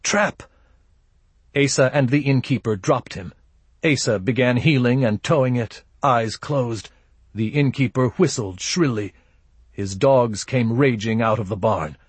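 A man reading a first-person audiobook narration in a measured, grim, low-key manner. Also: slightly rough, no echo.

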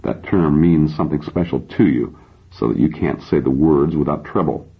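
A man's voice: a bass voice, moderate pace, gravelly, slightly rough, exaggerated voice. A man voicing a patient, probing computer therapist. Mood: insistent. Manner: patient, insistent questioning. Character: calm male computer psychotherapist, persistent, probing. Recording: dull lo-fi recording.

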